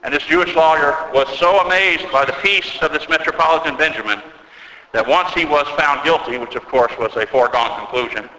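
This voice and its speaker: Guy giving a sermon, bright forceful voice, big church echo hanging after every line. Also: fairly high pitch. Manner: earnest storytelling preacher, slows for emphasis. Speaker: Orthodox priest. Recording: echoey church with long reverb.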